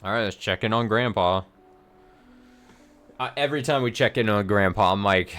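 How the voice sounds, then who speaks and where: A man's voice: lowish voice, moderate pace, pauses often, fairly bright tone, faint music behind. A man giving casual let's play commentary, with wry, muttering, self-mocking asides as he plays.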